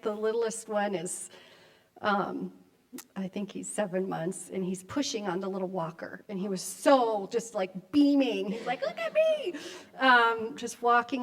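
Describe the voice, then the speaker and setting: Older woman minister, slightly high voice, easygoing conversational sermon in a church. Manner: warm conversational preaching with reflective pauses. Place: church sanctuary.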